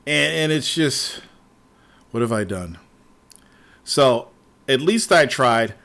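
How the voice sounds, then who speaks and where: Animated, profane man ranting. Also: mid-range voice, slow, gravelly. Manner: animated, profane, trails off repeating words. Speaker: podcast host. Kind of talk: casual ranting chat.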